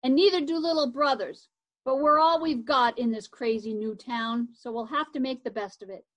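A woman reading aloud, voicing a brisk, determined older sister in a children's story. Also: high-pitched, a bit bright.

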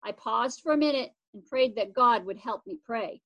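A woman reading a children's chapter book aloud, unhurried and expressive. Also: on the high side. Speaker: reader.

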